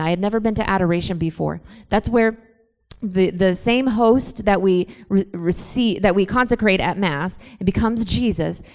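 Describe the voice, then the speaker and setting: Young woman preaching her testimony to teens, quiet storytelling that builds to passionate, medium voice. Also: medium pitch, creaky. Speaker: speaker at a youth church event. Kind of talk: faith testimony talk to a young audience.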